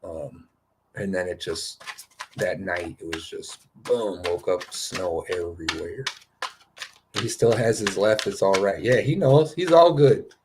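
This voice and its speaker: A man hosts a spiritual card-reading session in loose, casual chat, keeping his voice on the low side. He rambles, gets excited, and tosses in "you know" and "right?" constantly. A faint hum sits behind him. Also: a little slow.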